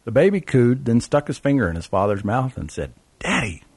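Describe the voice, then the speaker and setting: A man's voice: medium pitch, sing-song, fairly quick, darkish tone, husky, no echo. Dry, sardonic male memoir narrator. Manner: sardonic, wry.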